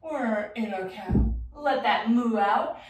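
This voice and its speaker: Young female kids-yoga teacher, bright sing-song delivery, boomy room sound, mic at a distance. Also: slow pace, very echoey, a little hiss or hum. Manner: playful, sing-song, encouraging. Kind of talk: guiding a children's yoga class.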